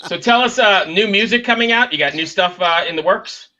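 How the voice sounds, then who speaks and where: A man's voice: high voice, brisk, bright, forceful tone, dull audio, a little hiss or hum. A man hosting a casual podcast, playful and casually swearing. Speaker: podcast host.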